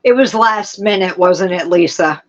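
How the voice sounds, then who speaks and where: Working through her viewers' comments one at a time, a livestream host chats casually in a lowish, unhurried voice. She streams from a laptop setup, and the audio is muffled.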